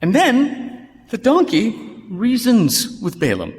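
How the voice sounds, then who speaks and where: A man preaching a sermon in a church, telling a story with wry, animated asides. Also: extremely high pitch, slow. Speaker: pastor. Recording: long reverb of a church hall.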